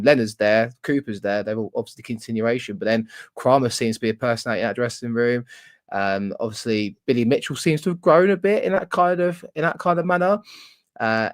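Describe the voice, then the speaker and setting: A man co-hosting a live football podcast, chatting casually with lots of "like" and "mate". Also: medium pitch. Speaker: podcast co-host. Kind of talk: casual live-stream chat.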